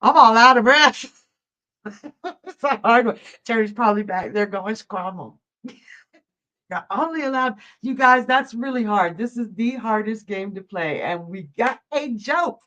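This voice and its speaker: A woman's voice: fairly high pitch, measured pace, fairly bright tone. A woman hosting a live tarot reading stream, chatty, often laughing and reading viewers' questions aloud. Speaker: psychic livestream host.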